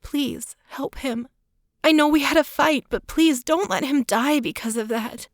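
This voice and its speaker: Brief: woman narrator doing a desperate young heroine, raised high and tearful, dry booth sound. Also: lively intonation, normal speed, dry recording. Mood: pleading. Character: frightened, pleading young woman. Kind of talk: audiobook character reading.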